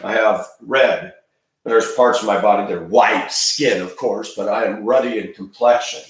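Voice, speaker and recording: A man's voice: fairly low pitch, moderate pace, far from the mic. A man in his fifties giving an emphatic, rambling ranting monologue with frequent restarts. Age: 50s. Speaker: video commentator. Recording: very echoey room, voice off-mic.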